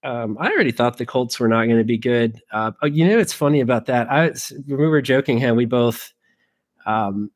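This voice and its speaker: A man's voice: medium pitch, animated, moderate pace, dry recording. A man co-hosting a casual podcast, rambling with filler words and a self-deprecating humor. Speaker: podcast co-host. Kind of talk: casual chat.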